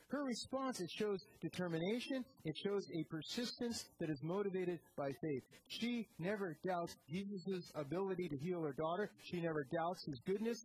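Earnest preacher working through a scripture passage, dropping low and rising emphatic. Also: a little mellow, low-quality recording. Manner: earnest, asks rhetorical questions. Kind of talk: expository sermon.

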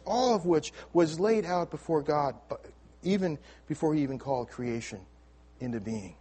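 Man, preacher, somewhat high voice, sermon, storytelling, restarts and repeated words, loud emphasis dropping to hushed endings. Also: expressive, moderate pace, husky. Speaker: pastor. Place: church sanctuary with congregation.

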